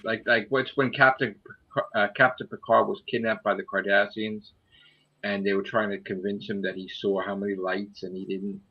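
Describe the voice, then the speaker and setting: A man's voice: lowish voice, husky. Profane, blunt man on a muffled recording. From Italian heritage. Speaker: podcast co-host. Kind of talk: casual fan chat. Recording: muffled lo-fi audio.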